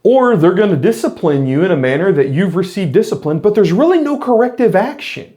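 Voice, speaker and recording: A man's voice: sits high, big pitch swings, fairly quick, dark tone. A middle-aged man, a former police officer, talking earnestly in a reflective monologue to camera, explaining his points with frequent restarts.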